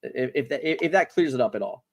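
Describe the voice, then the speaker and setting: A man hosting a casual livestream, talking in a rambling, animated way and often repeating words as he restarts. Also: medium pitch, fast. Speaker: livestream host.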